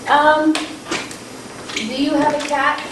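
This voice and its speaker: High-voiced woman bantering in improv. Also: fairly even intonation, takes it slowly. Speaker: improv performer. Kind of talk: live improv scene. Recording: echoey room from far off, noisy.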